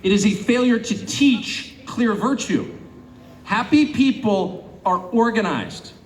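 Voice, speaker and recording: A middle-aged man from California gives a public speech to an audience, animated and sarcastic, mocking imagined critics. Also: high-pitched, slow, slight background noise. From California, United States. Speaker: guest speaker. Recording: echoey hall, faint ambience.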